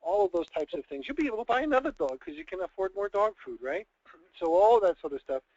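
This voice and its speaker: A man's voice: high-pitched, big pitch swings, fast, darkish tone, dry recording. A man running a conversational sales training call, talking casually and acting out little scenarios with drama. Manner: chatty, acts out scenarios dramatically. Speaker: network marketing trainer. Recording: dull dry lo-fi call audio.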